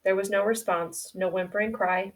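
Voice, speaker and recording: A woman reading a novel aloud in a quiet, subdued storytelling manner. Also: medium pitch, fairly even intonation, normal speed, far from the mic, slight background noise. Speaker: audiobook reader.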